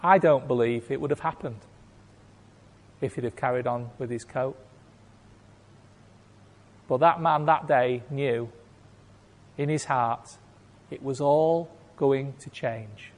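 A man preaching a sermon, telling a story with acted-out voices and big swings between loud and hushed. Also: medium pitch, slow, long pauses. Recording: long hall reverb.

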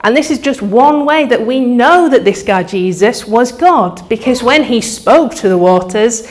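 A woman's voice: a little high, measured pace. A woman leading an interactive children's talk at church, coaxing the audience to join in, speaking into a microphone to a live crowd. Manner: lively, coaxing, audience participation.

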